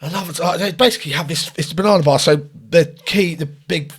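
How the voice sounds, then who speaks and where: A man's voice: on the high side, fast talker, husky. A man, co-hosting a podcast in casual chat and jumping in with quips and stories. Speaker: podcast co-host.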